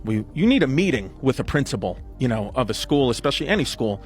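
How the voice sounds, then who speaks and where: A man telling a comic story on a podcast, animated and acting out the people in it. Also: medium pitch, quick pace, soft background music. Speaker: comedian guest. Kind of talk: comedic storytelling.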